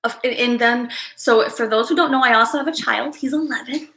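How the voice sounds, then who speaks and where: A woman's voice: on the high side, a little fast, fairly bright tone, roomy sound, low-quality recording. A woman psychic hosting a live stream, talking casually and emotionally to viewers, rambling with sighs and restarts.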